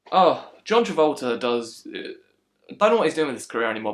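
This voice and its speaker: A man's voice: a little high, fairly bright tone. A man giving a casual, frustrated film critique, slipping into mocking impressions. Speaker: film reviewer.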